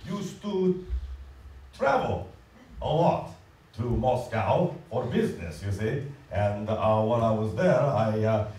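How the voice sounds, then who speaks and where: A man playing a smooth-talking suitor who fakes a Spanish-style accent, halting and full of fillers, recorded in an echoey hall from far away. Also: medium pitch, a little mellow. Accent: put-on Spanish-style accent. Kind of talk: community stage musical acting.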